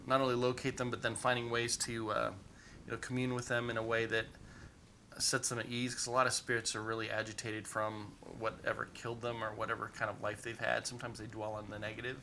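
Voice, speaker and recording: A man's voice: medium pitch, flat delivery, fast talker, sharp tone, slight background noise. A man running a tabletop game as game master, narrating in a rambling way full of "you know" fillers.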